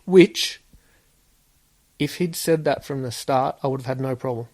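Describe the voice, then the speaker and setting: A man's voice: mid-range voice, measured pace, a little mellow. An Australian man, a former police officer, telling casual stories as a podcast guest and acting out the dialogue. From Sydney, Australia. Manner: acts out quoted dialogue, laid-back. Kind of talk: casual storytelling.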